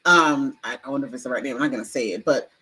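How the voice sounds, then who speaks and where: A young woman co-hosting a podcast in casual, chatty talk, expressive and rambling with fillers. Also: very deep voice, rapid-fire, husky, rough recording. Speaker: podcast co-host. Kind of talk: casual chat. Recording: faint background noise.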